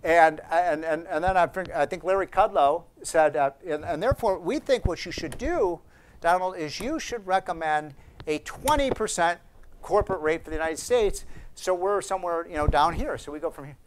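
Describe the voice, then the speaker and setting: Man, higher-pitched, rambling seminar talk to students, live room, faint background noise. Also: normal speed. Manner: chatty anecdotal delivery with frequent restarts and asides. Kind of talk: storytelling speech to students.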